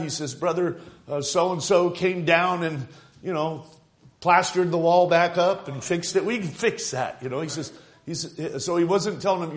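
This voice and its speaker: Fervent higher-voiced male preacher. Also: moderate pace. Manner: fervent, rising to shouts, quoting and laughing. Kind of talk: sermon.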